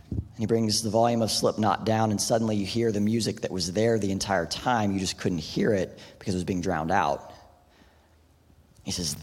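A pastor preaches with a lowish, darkish, slightly rough voice, keeping his sermon casual and conversational with frequent "like" and "right?". A long hall reverb trails his words.

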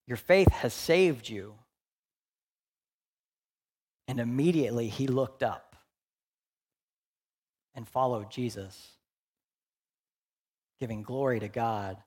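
A man in his forties, a pastor preaching a candid, conversational sermon that swings between loud emphasis and hushed, quiet moments. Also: medium pitch, slow pace, pauses often, slightly rough. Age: 40s.

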